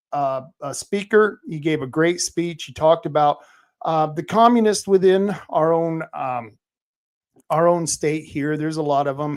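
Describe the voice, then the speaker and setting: A man hosting his own podcast, telling stories in a rambling, animated way with plenty of fillers and restarts. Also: a little high. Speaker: podcast host. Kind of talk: casual monologue.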